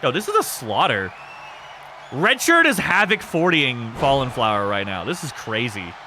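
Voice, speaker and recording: A man with a stuffy nose, commentating a wrestling game on a livestream in an excitable, laughing, swearing way and shouting when the action picks up. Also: medium pitch, moderate pace, a little hiss or hum.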